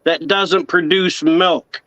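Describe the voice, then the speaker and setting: A man in casual chat, speaking haltingly and repeating words as he agrees. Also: sits high, fairly even intonation, a bit bright, dry recording. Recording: dry, dull lo-fi sound.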